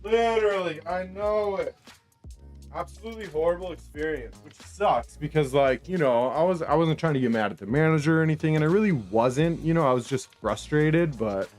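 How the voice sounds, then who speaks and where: A man's voice: on the high side, darkish tone. A young man streaming a game from his room, chatting casually with viewers, calling them homies and brother in a laid-back slangy way. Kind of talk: casual live-stream chat while gaming. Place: home room.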